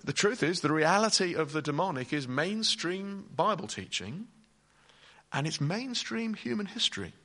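A man's voice: fairly high pitch, bright, forceful tone. A man preaching a sermon in an emphatic way, speaking directly to his listeners.

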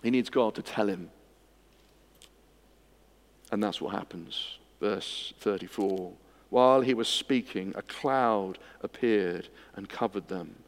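A man preaching an expository sermon, swinging from hushed moments to emphatic ones. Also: lowish voice, slow. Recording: long hall reverb.

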